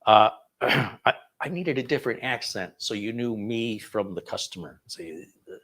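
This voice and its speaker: A man's voice: lowish voice, expressive, unhurried, fairly bright tone. A man hosting a casual live question-and-answer session on computers, chatty and digressive, amusing himself as he goes. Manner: chatty and digressive, self-amused. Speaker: tech channel host answering viewer questions.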